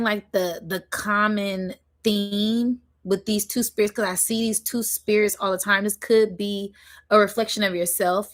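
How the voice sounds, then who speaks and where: A woman giving an intuitive spiritual reading to her viewers, chatty and giggly, drawing out words slowly as she channels. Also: medium pitch. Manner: chatty, giggly, talks straight to her audience. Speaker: spiritual energy reader.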